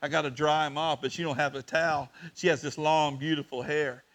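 A man preaching to his congregation, his voice climbing to loud and then sinking to a near whisper. His tone is bright and a little high for a man. He tells the story with open emotion. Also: little pitch movement, brisk. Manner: emotional, swings between loud and hushed. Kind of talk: sermon.

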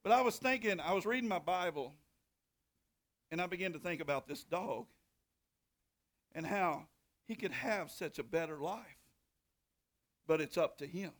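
Middle-aged man, high-pitched pastor; folksy sermon delivery with slow dramatic reading and loud hollers. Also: animated. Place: church sanctuary.

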